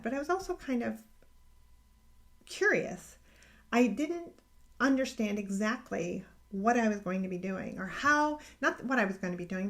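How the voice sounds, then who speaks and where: A middle-aged woman telling a personal faith story in a casual, earnest way, growing emotional and halting with restarts. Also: mid-range voice. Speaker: podcast host sharing a personal faith story.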